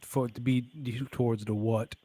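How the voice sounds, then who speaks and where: A man's voice: medium pitch, level tone, normal speed, mellow. A man co-hosting a casual podcast, trading wry jokes in easy banter. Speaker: podcast co-host. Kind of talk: casual sports and culture chat.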